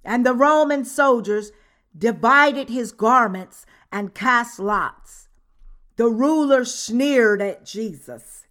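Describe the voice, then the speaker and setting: Slow, measured woman reading a sermon. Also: fairly high pitch. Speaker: sermon reader. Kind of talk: read-aloud sermon.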